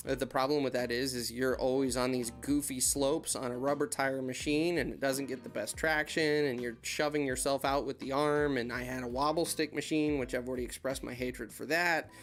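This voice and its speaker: A man's voice: medium pitch, steady tone, a little fast, few pauses, a bit bright, soft background music. A man from the United States hosting a casual live-stream Q&A from his desk, chatting in rambling anecdotes and greeting viewers by name. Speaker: YouTube channel host, heavy equipment operator.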